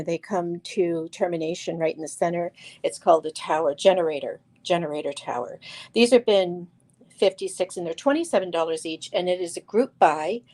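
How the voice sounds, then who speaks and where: A woman's voice: fairly low pitch, a little mellow. Chatty woman hosting a live crystal sale. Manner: chatty, enthusiastic, frequent fillers and restarts; addresses viewers by name while showing stones. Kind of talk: live crystal sales show.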